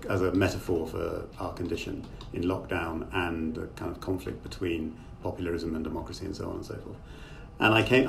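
Deep gravelly middle-aged man on a call. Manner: thoughtful, rambling, with many fillers. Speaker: author and guest. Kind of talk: conversational interview over a video call. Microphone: remote call microphone. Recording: distant mic with faint noise.

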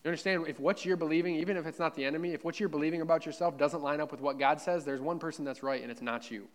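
A man's voice: on the high side, steady tone, racing. A man preaching a sermon in a church, fervent and conversational, repeating himself and talking straight to his listeners. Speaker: pastor.

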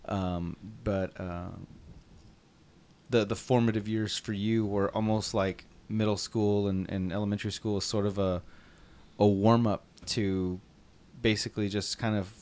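A man's voice: on the low side, flat delivery, measured pace, darkish tone. A man hosting a casual conversation, asking thoughtful, searching questions with frequent restarts.

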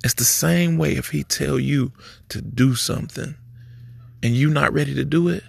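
Male podcast host, gravelly and husky, easygoing preachy delivery. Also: mid-range voice, moderate pace, no room sound. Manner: laid-back, preachy, street slang. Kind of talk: casual advice monologue.

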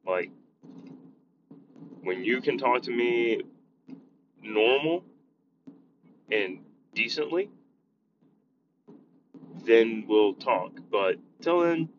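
A man's voice: medium pitch, very animated, slow pace, pauses often. A man rambling casually and bluntly while driving, swearing freely as he talks about kids at school. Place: inside a moving vehicle. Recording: dull lo-fi sound with road noise.

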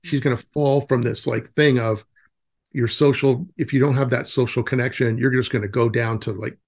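In a casual interview, a man in his forties who runs a nature camp tells meandering stories with many fillers and restarts. He speaks at a moderate pace in a mid-range voice with fairly even intonation.

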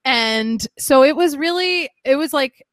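A woman's voice: high-pitched, lively intonation, a little slow, dry recording. A young woman candidly telling a painful personal story as a guest, rambling with lots of "like" and shifting emotion. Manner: rambling, heavy use of "like", emotional.

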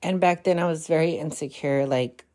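His voice is a little high with a darkish tone, at a moderate pace. He's a podcast host in his twenties from California, telling a personal story in a rambling, frank, and profane way. The talk is casual and confessional, full of fillers.

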